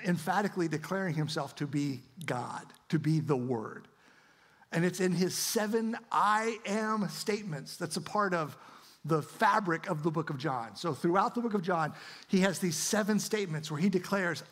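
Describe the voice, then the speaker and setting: A man's voice: fairly high pitch, breathy edge. A man preaching a sermon in an earnest style, often repeating and restarting words as he builds to emphatic declarations. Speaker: pastor.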